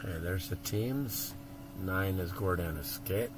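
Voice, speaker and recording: A man's voice: low-pitched, a little slow, background noise. Chatty man hosting a card break. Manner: chatty, gets excited over pulls. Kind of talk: live-stream card break commentary.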